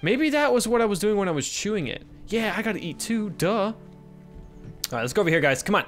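A young man giving casual let's-play commentary, swinging between excited yelps and hushed murmurs, swearing casually and coaxing his in-game kids along. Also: high voice, fast, faint music behind.

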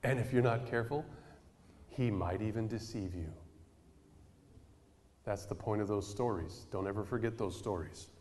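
Animated storytelling preacher man in a reverberant hall. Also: lowish voice, moderate pace, long pauses, slight background noise. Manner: animated storyteller, acting out quoted voices. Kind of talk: storytelling sermon.

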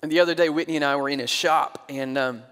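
A man in his thirties preaching a sermon, telling stories in a conversational way and dropping to a quiet voice for emphasis. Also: fairly high pitch, fairly even intonation, fast talker, smooth, long reverb tail. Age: 30s. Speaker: pastor.

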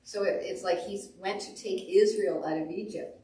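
A woman pastor preaching a sermon, telling stories with animated delivery and acting out quotes. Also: mid-range voice, normal speed, far from the mic. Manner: animated storytelling, acts out quotes. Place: church sanctuary. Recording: echoey room, voice off the mic.

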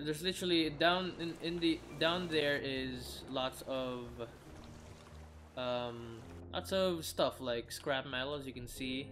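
A man's voice: medium pitch, a bit bright. A tired man giving rambling gameplay commentary, often restarting his sentences and swearing casually. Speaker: gamer.

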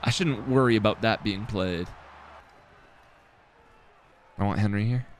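Swearing and mocking his own blunders, a young gaming streamer chats to himself while playing a football video game. His voice is on the low side and a little fast, and the recording carries a little hiss or hum.

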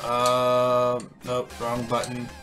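A man's voice: mid-range voice, completely flat delivery, drawn-out words, over music. A man casually commenting in a playful, chatty way as he plays a video game. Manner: playful, chatty, reacts aloud. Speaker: let's play host.

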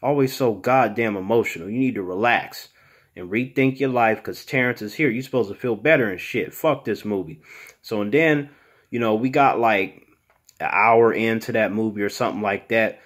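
A man voices a swaggering, foul-mouthed mutant monster who hosts his own channel and addresses everyone as "human". He boasts, swears freely and refers to himself in the third person. His voice sits a little low. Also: normal speed, a bit bright. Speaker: channel host. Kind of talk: comedic storytelling monologue.

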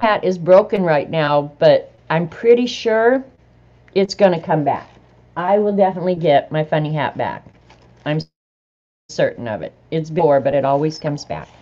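A woman's voice: sits low, a little mellow, highs cut off. A middle-aged woman vlogger chatting casually to viewers as she opens mail, laughing and reading bits aloud. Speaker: vlogger opening happy mail.

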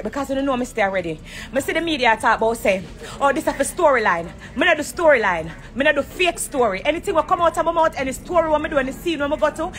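A woman with a Jamaican accent, ranting heatedly on a live stream from a corner of an airport. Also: sits high. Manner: heated and confrontational.

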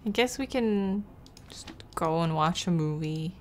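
A woman's voice: lowish voice, expressive, measured pace, a little hiss or hum. A young woman streamer casually commenting on a video game, swearing and reading text aloud. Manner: chatty, swears, reads on-screen text aloud. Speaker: gaming streamer. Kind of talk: casual let's-play commentary.

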